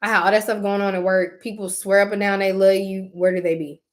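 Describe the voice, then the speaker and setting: A woman's voice: mid-range voice, fast. A young woman, chatting casually and expressively to her viewers. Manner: chatty, expressive, Southern US slang. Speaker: vlogger. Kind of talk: casual chat to camera.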